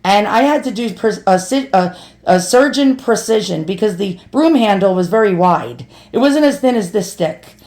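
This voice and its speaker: A woman's voice: medium pitch, expressive, moderate pace, darkish tone. A middle-aged woman vlogger telling a personal story, chatty and earnest, calling her listeners boys and girls. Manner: earnest, confessional.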